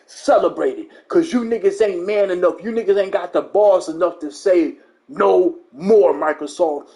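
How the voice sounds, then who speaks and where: A man's voice: high voice, moderate pace, warm tone. A young man hosting his gaming channel, giving a profane, mocking, emphatic rant about games. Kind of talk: ranting gaming commentary.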